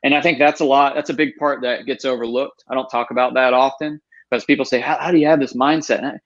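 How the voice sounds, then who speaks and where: A man's voice: medium pitch, steady tone, fast talker, fairly bright tone, muffled recording. A man in his thirties, a guest on an interview show, telling his story earnestly and with emphasis. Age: 30s.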